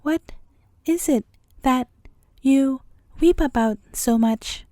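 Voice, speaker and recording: Woman reading as a polite clever young boy, storybook, high mellow voice. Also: slow, dry recording, studio quality. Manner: polite, eager to help.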